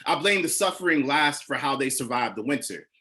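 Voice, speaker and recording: A man's voice: medium pitch, animated, brisk, pushed and bright. A man from Ohio performing spoken word poetry in a rhythmic, declaiming delivery that builds in force. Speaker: poet.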